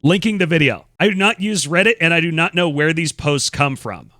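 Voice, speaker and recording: A man's voice: on the high side, brisk, pushed and bright, no echo, clean studio sound. A man hosting a stream, reading and reacting in casual commentary, blunt and incredulous, swearing freely. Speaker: streamer host.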